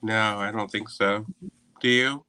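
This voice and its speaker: A man's voice: lowish voice, fairly even intonation, a little slow, sharp tone, smooth, poor audio. A man co-hosting a live stream, chatting casually with viewers and stumbling through restarts.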